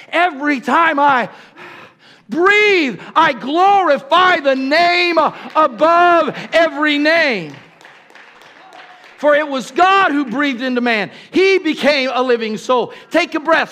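An older man preaching a sermon, calling the congregation to respond and swinging between shouted lines and hushed, breathy passages. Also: very high voice. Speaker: pastor.

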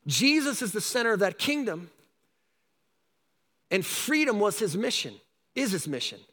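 A man preaching a sermon, animated, with rising shouts and repeated calls to his listeners. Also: high voice, normal speed, long reverb tail. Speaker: pastor.

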